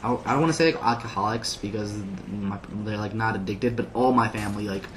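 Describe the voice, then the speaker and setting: A man's voice: on the low side, fast, a bit bright, slight background noise. A man commentating a game while telling a long, rambling story full of "like" fillers, sometimes laughing at his own tale. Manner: rambling, filler-heavy with constant "like". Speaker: gameplay commentator. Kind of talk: casual storytelling over gameplay.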